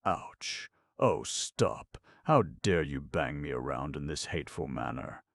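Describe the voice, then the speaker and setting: A man's voice: rumbling low, animated, slow, no room sound, clean studio sound, exaggerated voice. A man doing a fierce little old gnome king. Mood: howling. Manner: howling, frightened, then boastful.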